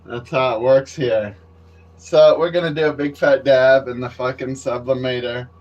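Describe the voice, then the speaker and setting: A man's voice: medium pitch, fairly even intonation, normal speed, darkish tone, dull audio. A man vlogging outdoors near a construction site, rambling wryly and cursing freely into a handheld camera. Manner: profane, rambling and wry. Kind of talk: casual rambling monologue to camera.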